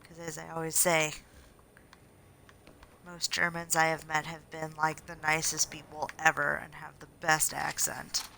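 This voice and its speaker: A young woman in her twenties gives relaxed commentary over her gameplay, often dropping to a quiet mutter. Her voice sits slightly low for a woman. A clear hiss of noise runs under the stream audio. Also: unhurried, poor audio. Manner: soft-spoken, muttering to herself.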